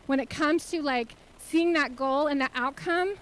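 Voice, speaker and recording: A woman's voice: high voice, measured pace, fairly bright tone, poor audio. A woman speaking as a nonprofit CEO giving a motivational conference talk on a stage, earnest and full of rhetorical questions to the audience.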